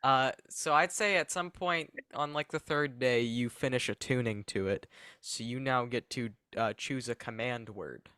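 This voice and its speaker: A man with a bright, forceful tone chats casually at a tabletop game, tossing off relaxed asides. The sound is dry and close to the mic. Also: medium pitch, moderate pace, clear, resonant tone, no room sound.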